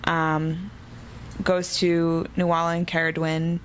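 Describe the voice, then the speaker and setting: A woman's voice: lowish voice, monotone, takes it slowly, a little hiss or hum, poor audio. A woman co-hosting a casual book podcast, recapping the plot eagerly. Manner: chatty, recapping the plot with enthusiasm. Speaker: podcast co-host.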